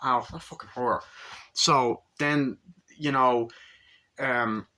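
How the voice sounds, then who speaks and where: A man's voice: medium pitch, steady tone, takes it slowly, bright, forceful tone. A man giving a casual, rambling film review, swearing a lot and acting out scenes with sound effects.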